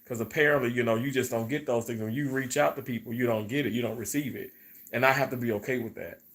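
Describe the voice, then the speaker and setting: A man hosts a casual live stream, drifting from one thought to the next. He restarts phrases, repeats words and calls his viewers y'all. His pitch sits at an ordinary middle height. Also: steady tone, fast talker, a bit bright. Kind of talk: casual live stream chat reading comments.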